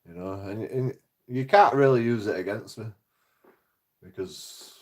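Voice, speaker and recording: A man's voice: on the low side, measured pace, a little mellow. A man, ranting casually in a rambling, foul-mouthed way. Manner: rambling, heavy swearing. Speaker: vlogger. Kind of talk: casual rant.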